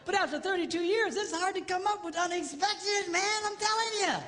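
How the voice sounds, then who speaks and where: Brisk and extremely high-pitched, this middle-aged man gives a comedic talk at a marriage seminar, faint crowd sounds behind him. He's an animated storyteller who does mock voices and lands jokes and punchlines, with long hall reverb and faint noise in the recording.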